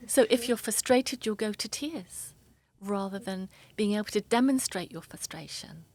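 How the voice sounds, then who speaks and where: A woman therapist speaking in an interview, explaining emotions in a soft, earnest way. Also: medium pitch, lively intonation, moderate pace. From England. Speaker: therapist guest.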